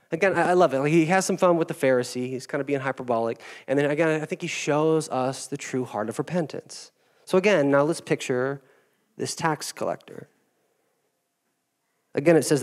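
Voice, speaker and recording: A man's voice: fairly high pitch, normal speed. A male pastor delivers a sermon with playful, self-deprecating humor. His voice sits a little above the usual male range.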